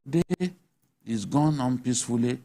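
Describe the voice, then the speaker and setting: Nigerian guy on a tv panel, mid pitch, talks with lots of emphasis, keeps firing off rhetorical questions. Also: lively intonation, moderate pace, dark tone. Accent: Nigerian English. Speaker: panel guest. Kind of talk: animated studio panel discussion. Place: TV studio.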